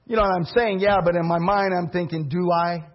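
A man preaching a sermon as pastor, alternating impassioned preaching with quiet personal storytelling. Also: high-pitched, fairly even intonation, fairly quick, muffled recording.

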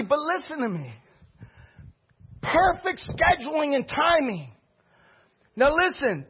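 Man, pastor, storytelling sermon, very high voice, dull lo-fi sound, animated. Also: slow, pauses often. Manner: animated, bursts into shouting. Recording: dull lo-fi recording.

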